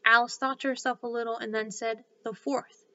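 Brief: woman storyteller, bright, slightly high, steady narration, lo-fi audio. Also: fast talker, smooth. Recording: slightly dull lo-fi recording.

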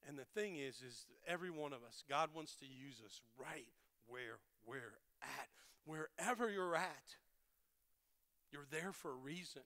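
High, bright-voiced pastor preaching in a hall. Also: male voice, measured pace. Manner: animated storytelling, acts out dialogue, self-deprecating humor. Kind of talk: sermon. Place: large church hall.

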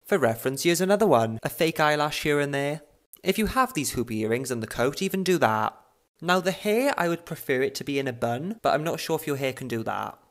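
A man's voice: fairly high pitch, expressive, a little fast. A young man giving a challenge in a recorded video message, theatrical and teasing.

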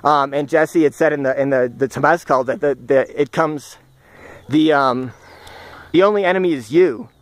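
A man recording a personal reflection vlog outdoors, speaking in an earnest, halting, searching way and often restarting his phrases. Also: a little high, no room sound. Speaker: vlogger. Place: outdoors, walking in the countryside.

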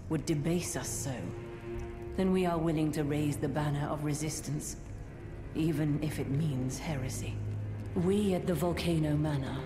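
An actress voicing a stately noblewoman who rules a rebel manor, speaking in a solemn, formal, measured way. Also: deep voice. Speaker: game character. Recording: game audio, echoey hall with music.

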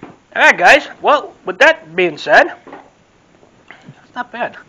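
A man's voice: very high voice, sing-song, slow, bright, forceful tone, slightly rough, low-quality recording. A man casually reviewing a sauce on his vlog, repeating himself in a loose, rambling way. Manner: repetitive, rambling, friendly sign-off. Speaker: food vlogger. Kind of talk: casual taste-test review.

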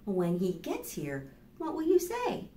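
A woman reading as a gentle, patient mother. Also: mid-range voice, huge pitch swings, slow pace, roomy sound. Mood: soothing. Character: patient mother soothing her hungry little daughter.

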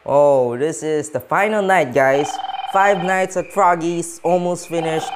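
A man hosting a gaming channel gives let's-play commentary. He is excitable and panicky, counts aloud, and keeps talking to his viewers. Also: a little high, unhurried, background noise. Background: game music.

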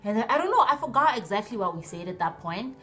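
A young woman vlogger telling a story in a lively way, acting out the dialogue in different voices. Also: mid-range voice, quick pace, faint music behind. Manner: animated, acts out dialogue in voices. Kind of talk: storytime vlog.

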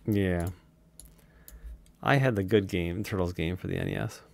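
A man co-hosting a casual let's-play of retro games, excitable, with quick outbursts and frequent laughs. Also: low-pitched, vocal fry. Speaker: game player and co-host.

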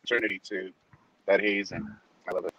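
A pastor in his forties in casual chat, an animated storyteller who acts out the people he quotes. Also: low voice, brisk, dull audio, a loud crowd.

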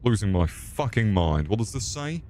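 A man's voice: on the low side, sing-song, normal speed, mellow, a little hiss or hum. A young man swearing and mocking himself while streaming a game. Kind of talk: crude live-stream commentary.

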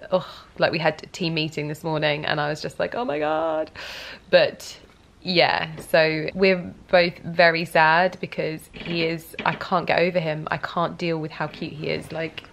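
A tired young woman talks straight to camera in a loose, rambling vlog, full of "like" and trailing thoughts. Her voice sits a little low with a gravelly fry, and she sounds on the edge of tears. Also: fairly bright tone. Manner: rambling, emotional, many fillers. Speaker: vlogger. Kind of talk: casual vlog chat.

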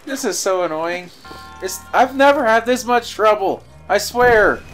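High, lively man playing a game. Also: unhurried. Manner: exasperated, swears mildly at the game. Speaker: let's play player. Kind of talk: casual gaming commentary. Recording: game music in the background.

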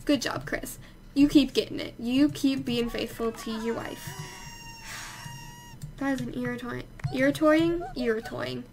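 A woman's voice: fairly high pitch, takes it slowly, vocal fry, a little mellow. A young woman chatting casually while playing a life-sim game, exclaiming and scolding the characters. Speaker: let's play host. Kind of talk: casual gameplay commentary.

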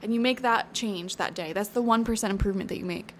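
An encouraging woman talks through a tarot reading in a loose, chatty way, often thinking aloud with little fillers. Her voice sits at an ordinary middle pitch, with a faint hiss of noise in the background. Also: fast talker. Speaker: tarot reader. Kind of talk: casual spoken tarot reading.

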